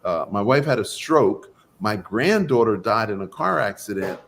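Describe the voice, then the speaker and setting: A man's voice: on the low side, lively intonation, moderate pace, creaky, fairly bright tone, slight background noise. A man quoting a stern elderly qigong master. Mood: pleading, commanding.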